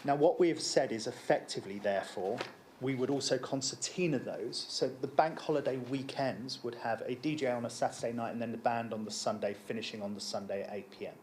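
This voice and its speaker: A man's voice: medium pitch, darkish tone, slight background noise. Man explaining at a council hearing. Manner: measured, repeats words when starting sentences. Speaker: applicant at a licensing hearing.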